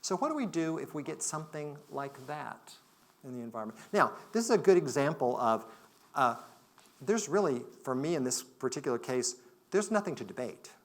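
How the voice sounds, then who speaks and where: A man giving a conference talk, telling a story in a reflective way that moves between loud and hushed. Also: a little high, sing-song, moderate pace. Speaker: conference speaker. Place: conference hall.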